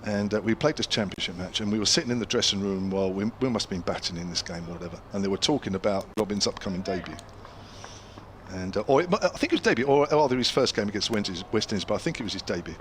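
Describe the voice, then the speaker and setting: Chatty older English cricket commentator. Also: male voice, on the low side, very fast, slight background noise. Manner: chatty storyteller, chuckles between anecdotes. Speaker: cricket commentator, former county player. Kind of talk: ball-by-ball commentary with anecdotes.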